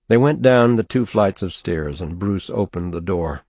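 A man narrating a novel in a measured, steady audiobook reading on a close mic. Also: deep voice, no room sound. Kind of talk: scripted narration.

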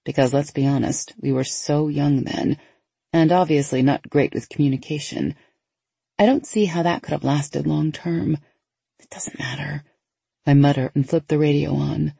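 A woman narrating a first-person novel in a lively, conversational inner-monologue manner. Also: low voice, moderate pace, creaky, slightly rough, no room sound. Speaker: audiobook narrator.

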